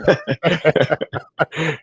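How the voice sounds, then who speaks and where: A man's voice: fairly high pitch, fairly even intonation, extremely slow, husky, dull audio. A man talking as an interview guest in casual chat, enthusiastic and often calling his listener "man". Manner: enthusiastic, peppers speech with "man". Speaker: guest, physical media collector.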